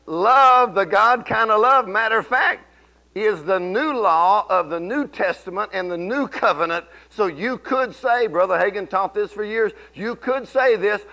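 A man preaching a sermon in church, telling folksy stories and swinging from low murmurs to shouted declarations. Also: animated, moderate pace. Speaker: pastor.

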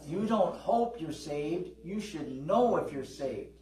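A middle-aged man preaches to a congregation in a church hall, telling stories conversationally and calling out to his listeners. His fairly high, mellow voice is animated and slow, with hardly any pauses. He stands away from the mic, so the hall echoes.

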